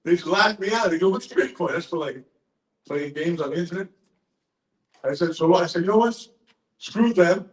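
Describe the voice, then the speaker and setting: Tipsy sixty-something guy ranting and cussing, highish voice, echoey room. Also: normal speed, pauses often. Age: 60s. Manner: profane, excitable storyteller. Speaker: conference speaker. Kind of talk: rambling speech to a crowd.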